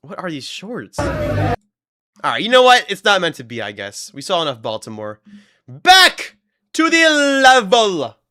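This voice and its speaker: A man's voice: a little high, sing-song, moderate pace, pushed and bright. A man live-streaming a game, chatting and laughing with his chat in a joking way. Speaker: gaming streamer.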